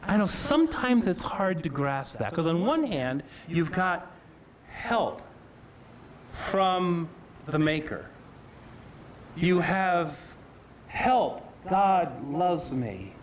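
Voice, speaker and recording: A man's voice: high-pitched, very animated, drawn-out words, pauses often. A man preaching a sermon, earnest and emphatic, often repeating and restarting his phrases.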